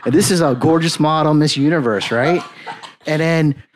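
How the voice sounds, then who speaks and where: A man talks as a guest on a podcast. He rambles through his stories and keeps tossing in "man" and "you know". The conversation is relaxed and unscripted. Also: fairly high pitch, normal speed, background noise. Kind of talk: casual podcast chat.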